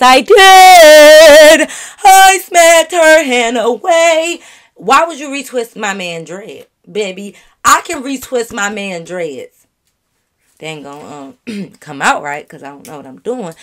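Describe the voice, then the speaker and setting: A woman vlogger telling a story straight to her viewers in an animated, profane, casual way. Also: a little high.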